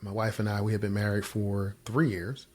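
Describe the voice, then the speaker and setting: A man in his forties, a podcast guest telling his own story and jumping high in pitch when he acts out his past self. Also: moderate pace. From Virginia, US. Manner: animated storyteller, jumps high when quoting himself. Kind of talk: storytelling interview answers.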